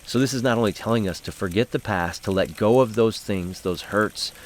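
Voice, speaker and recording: Lower-voiced man leading a Bible study. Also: a little hiss or hum. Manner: conversational storytelling with fillers; slows and softens for reflective points. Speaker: host and Bible study leader. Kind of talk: casual devotional talk.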